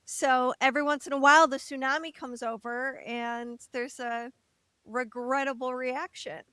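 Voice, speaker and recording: A high-pitched woman co-host tells a frank personal story and acts out quotes as she goes. Her voice is dry and close to the mic. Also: normal speed, clear, resonant tone, no room sound. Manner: animated, laughs, acts out quotes; candid, occasional swearing. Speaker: podcast co-host.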